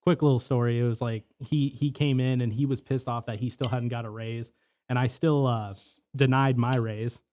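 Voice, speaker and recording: A man's voice: mid-range voice, steady tone, normal speed, darkish tone. A young man telling work stories in casual podcast chat, rambling with lots of filler words and swearing.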